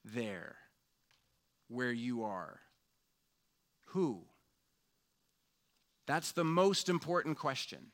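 A man preaching a sermon as pastor, slow and reflective, often dropping to a hushed tone on questions. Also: medium pitch, expressive.

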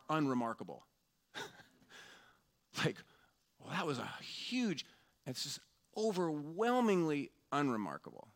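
A man preaching a sermon as pastor, slow and reflective, often dropping to a hushed tone on questions. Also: medium pitch.

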